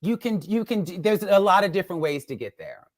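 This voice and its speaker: A woman's voice: fairly low pitch, sing-song, brisk, no echo. A woman in her fifties, a guest on a video call, chatting openly and telling candid stories with frequent laughter. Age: 50s. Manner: candid storyteller, laughs often. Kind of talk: casual chat.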